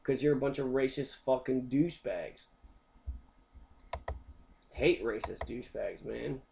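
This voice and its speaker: A man's voice: medium pitch, a little slow, creaky, darkish tone, slight background noise. A man teaching a history lesson as an angry, profane rant, swearing constantly.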